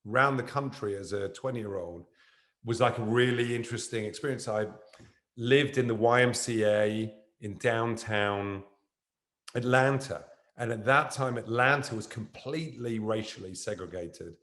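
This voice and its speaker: A man's voice: medium pitch, a little slow, echoey room. A man, an actor as guest, telling a rambling anecdote on stage that jumps around. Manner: animated, jumps around in the story. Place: university event room.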